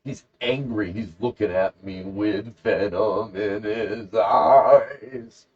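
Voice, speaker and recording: Low-voiced man, rambling jokey storyteller. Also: slow pace, darkish tone. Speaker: podcast co-host. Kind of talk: casual podcast chat, storytelling. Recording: dull lo-fi podcast recording.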